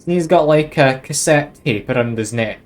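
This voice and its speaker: A man's voice: mid-range voice, expressive, normal speed. A man with a Scottish accent chatting casually with his viewers while live-streaming a video game. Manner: chatty, easygoing, talks to chat while playing.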